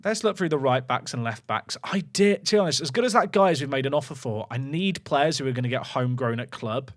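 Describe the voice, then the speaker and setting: A man's voice: mid-range voice, animated, quick pace. Man musing through a game stream. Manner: musing aloud, chatting to viewers. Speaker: gaming streamer. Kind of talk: casual livestream commentary.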